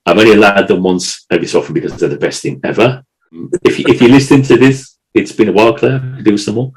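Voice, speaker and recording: Male podcast co-host, low voice, emotional and rambling, lots of restarts and repeats. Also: fast talker, rough recording. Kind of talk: casual chat.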